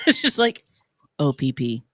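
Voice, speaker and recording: A woman's voice: deep voice, sing-song, slow, no echo, studio quality. A woman co-hosting a radio show, chatting casually, telling stories and laughing often. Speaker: radio co-host. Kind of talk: casual on-air banter. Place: radio studio.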